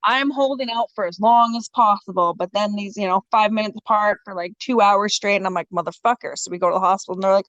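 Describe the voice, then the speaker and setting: A woman's voice: medium pitch, fast, hardly any pauses, no echo, highs cut off. Foul-mouthed young woman telling a story. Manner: swears freely and acts out quoted dialogue; lively, frank and joking. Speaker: podcast guest. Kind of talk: casual storytelling chat.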